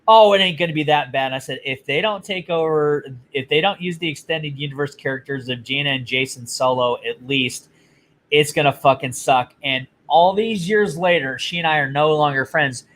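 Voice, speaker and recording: Guy on a podcast, kinda high voice, swears a lot, blunt storyteller. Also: moderate pace, a bit bright. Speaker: podcast co-host. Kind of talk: casual chat.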